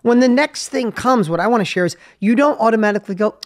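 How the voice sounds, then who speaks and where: Energetic man in his fifties, coaching. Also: high-pitched, fast talker, dry recording, clean studio sound. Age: 50s. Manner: energetic, coaching, acts out inner voices. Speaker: podcast host. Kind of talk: motivational conversation.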